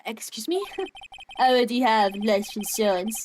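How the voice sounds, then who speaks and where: A woman's voice: a little high, animated, unhurried, darkish tone, slight background noise. A woman reading as a laid-back dude-talking odd man. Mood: mellow. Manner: casual, drawling, says "dude".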